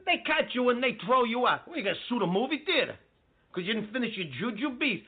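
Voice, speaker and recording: A man's voice: very high voice, big pitch swings, heavily acted. A man voicing a brash, profane cousin who boasts about building walls. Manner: swaggering, profane, fast-talking. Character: brash Bronx-style male wall-building cousin. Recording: tinny phone-like audio, husky.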